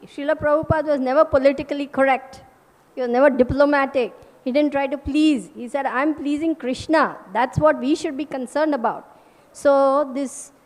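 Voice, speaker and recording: A woman's voice: high voice, darkish tone, long reverb tail. A woman teacher giving a scripture class, emphatic and forthright, with rhetorical asides.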